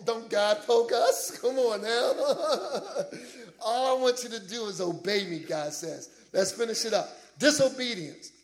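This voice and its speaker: A man preaching a sermon to a congregation, animated and conversational, laughing at his own asides and calling for amens. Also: sits high.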